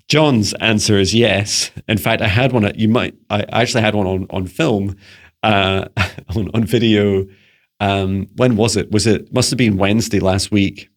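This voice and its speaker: Rambling low-voiced psychic man. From Scotland. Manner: rambling, many restarts and fillers; playful beeping noises. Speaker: psychic mentor answering viewer questions. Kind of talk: casual channelling monologue.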